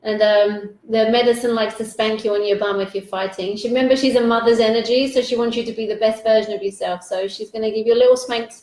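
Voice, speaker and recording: Bubbly high-voiced woman host, echoey room. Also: fairly even intonation, fast, few pauses, a little mellow. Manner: bubbly, effusive, casual swearing. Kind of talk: live interview, reading viewer comments.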